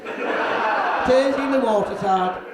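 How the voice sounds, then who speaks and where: An older man, a drag performer telling crude, deadpan anecdotes on stage. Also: high voice, takes it slowly, heavy background noise. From North East England. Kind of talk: bawdy stand-up storytelling. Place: live show venue. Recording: echoey room, from far off.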